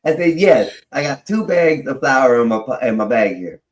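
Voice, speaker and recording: A man's voice: medium pitch, expressive, normal speed. A man telling a long personal story in a casual way, swearing freely and laughing as he goes. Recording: roomy echo.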